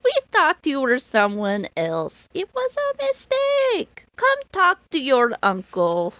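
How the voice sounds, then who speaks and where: A woman voicing a calm, menacing male henchman in a playful European accent, drawn out slowly. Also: high-pitched, dry recording, voice pushed up, heavily acted. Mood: smooth. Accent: playful European put-on. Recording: dull lo-fi sound.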